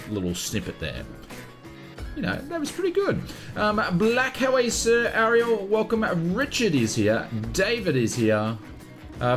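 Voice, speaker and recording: An Australian man hosts a live stream, cheerfully welcoming viewers one by one in a casual, chatty way. His voice sits high and swings widely in pitch. Faint music plays underneath. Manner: chatty, greets viewers by name. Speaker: flight sim streamer.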